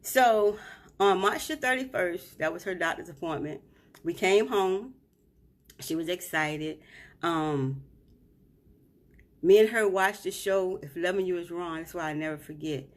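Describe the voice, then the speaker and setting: A woman's voice: fairly low pitch, measured pace, long pauses. A grieving mother live streaming from a hotel room, retelling events emotionally and often checking in with "right?".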